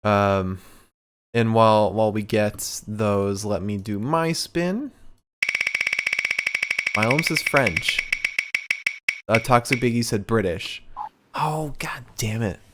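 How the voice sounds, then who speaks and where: A man's voice: fairly low pitch, slow pace, pauses often, very noisy. A young man hosting a live podcast, joking loosely, laughing easily and talking to his chat. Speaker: podcast host. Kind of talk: casual livestream podcast hosting.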